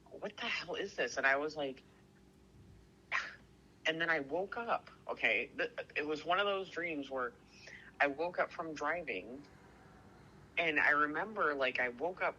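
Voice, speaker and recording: A man telling a story in casual chat, excitable and rambling, swearing constantly and stuffing every sentence with "like". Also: fairly high pitch, dull audio, a little hiss or hum. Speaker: podcast co-host.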